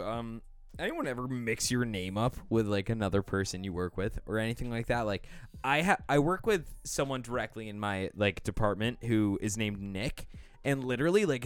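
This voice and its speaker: A man's voice: medium pitch, lively intonation, fairly quick, smooth, no room sound. A man hosting a casual podcast, chatty, swearing and laughing often. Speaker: podcast host. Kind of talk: casual banter.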